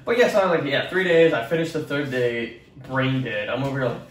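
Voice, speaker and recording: Animated young man telling school stories. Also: mid-range voice, fast talker, few pauses, recorded from a distance. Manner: rambling, profane, acts out quotes. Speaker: podcast co-host. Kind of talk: casual podcast storytelling. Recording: echoey room, off-mic with faint noise.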